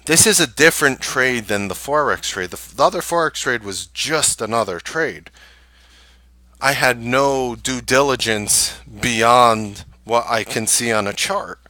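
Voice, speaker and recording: A man hosting a live trading stream, ranting casually to viewers in an animated, exasperated way and scoffing with short laughs. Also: mid-range voice, a little slow, no room sound.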